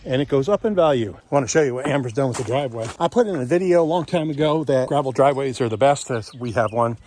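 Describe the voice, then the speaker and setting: A man's voice: medium pitch, expressive, fast talker, darkish tone, a little hiss or hum. Folksy middle-aged man giving a home tour. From Kentucky, USA. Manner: folksy, joking, chatty. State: winded from walking uphill. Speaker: real estate investor vlogger. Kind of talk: casual walking home tour. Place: outdoors and inside a house on a property tour.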